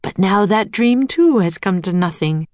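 A woman voicing a heartbroken older male inventor, speaking quietly and wearily in a storybook reading. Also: animated, unhurried, no room sound, close to an everyday voice. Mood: sorrowful. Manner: quiet, weary and low.

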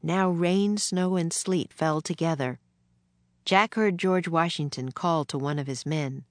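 A woman narrating a children's chapter book in a measured storytelling manner. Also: low-pitched, no room sound. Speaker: audiobook narrator. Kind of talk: scripted narration.

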